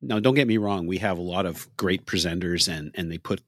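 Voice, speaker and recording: Low-voiced male podcast host, dry sound. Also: fairly quick, fairly bright tone, no echo. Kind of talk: conversational interview.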